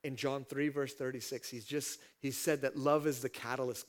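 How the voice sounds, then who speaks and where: A man preaches at a mid-range pitch, delivering a sermon with lively, animated energy. He builds his points to emphatic peaks. He acts out the scripture with voiced asides. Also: normal speed, few pauses. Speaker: pastor.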